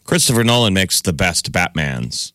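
Man, lower register, confident podcast co-host, dry close sound. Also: sing-song, moderate pace, pushed and bright, dry recording. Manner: confident, matter-of-fact opinions. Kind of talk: casual chat.

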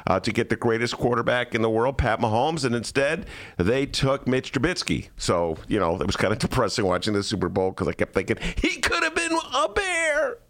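A podcast host tells comedic stories in casual conversation, animatedly acting out the people in them. His voice is fairly low in pitch and brisk.

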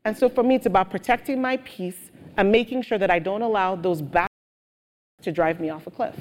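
A woman guest speaker telling stories with animated energy in a live on-stage interview. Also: medium pitch, a little fast. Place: auditorium with audience. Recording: long hall reverb.

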